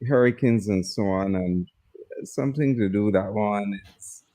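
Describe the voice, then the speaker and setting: A man co-hosting a live stream, chatting casually in a calm, explanatory way and agreeing often. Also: on the low side, a little slow, no echo. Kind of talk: casual chat reacting to a video.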